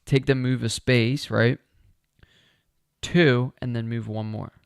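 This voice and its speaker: A man's voice: medium pitch, fairly even intonation, slow pace, gravelly, clean tone, no room sound, studio quality. A man talking himself through a solo board game playthrough, chatty and upbeat as he explains each move.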